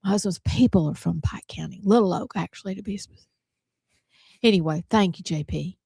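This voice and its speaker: Lady hosting a radio chat, laughs easy, a bit low, dead dry room. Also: brisk, vocal fry, dark tone, husky, no echo. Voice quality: chatty, laughs easily. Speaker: talk show host.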